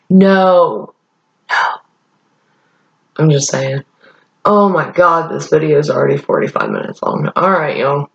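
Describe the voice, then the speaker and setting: A young woman vlogger rambling in a casual chat, blunt and profane. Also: deep voice. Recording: echoey room, dull lo-fi sound.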